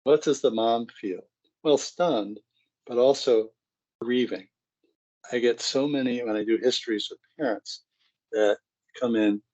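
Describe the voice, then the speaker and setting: Middle-aged man, low voice, conversational seminar speaker, dull lo-fi audio. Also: a little mellow. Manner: conversational, acts out scenes. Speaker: psychologist speaking to parents. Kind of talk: parenting seminar talk.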